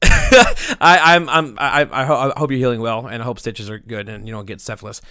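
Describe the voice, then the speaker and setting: Guy rambling crude jokes on a podcast, smooth voice, dead dry room. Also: medium pitch, animated, moderate pace, pushed and bright, no echo. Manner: rambling, crude, profane, laughing. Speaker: podcast producer. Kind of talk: casual podcast chat.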